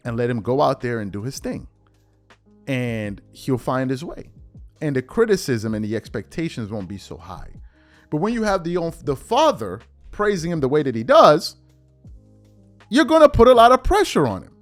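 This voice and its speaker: Guy podcaster ranting about basketball, keeps repeating himself, lively up-and-down voice. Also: medium pitch, moderate pace, faint music behind. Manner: emphatic, repetitive, animated. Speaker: podcast host. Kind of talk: commentary reacting to a sports clip.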